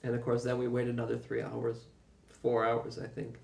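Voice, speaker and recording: A man's voice: mid-range voice, monotone, normal speed, creaky, a little mellow. A man casually recounting his own journey, rambling and emphatic, swearing and chuckling often. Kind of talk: casual first-person storytelling. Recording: roomy echo, mic far off.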